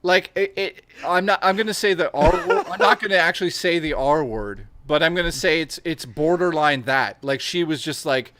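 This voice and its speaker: A man telling crude, animated stories in casual chat as a stream co-host. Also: a little high, moderate pace, hardly any pauses, dry recording.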